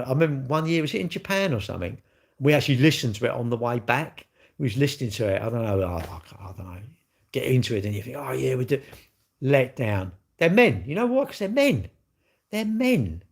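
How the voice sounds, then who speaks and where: A man's voice: medium pitch, creaky. An English man, middle-aged, hosting a casual live stream and bantering cheekily with his chat in a rambling, jokey way. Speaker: livestream host.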